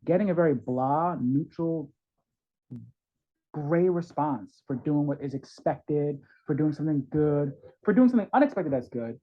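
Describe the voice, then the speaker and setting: Animated man with a husky voice. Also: on the high side, normal speed. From New York. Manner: animated, acts out parents' and kids' voices. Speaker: guest, parenting coach. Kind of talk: conversational advice in an interview. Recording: dull, lo-fi sound.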